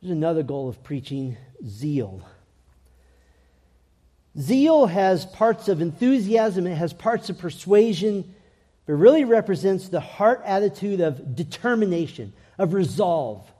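A man's voice: high-pitched, big pitch swings, measured pace, dark tone. A man preaching a sermon in an earnest way, his voice rising and swelling when he reads scripture aloud.

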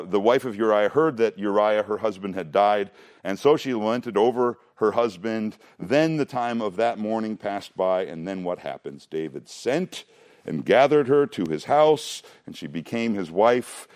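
Man, pastor, casual sermon delivery with rhetorical questions and quick acted asides. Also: lowish voice, a little mellow. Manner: conversational, asks rhetorical questions, laughs often.

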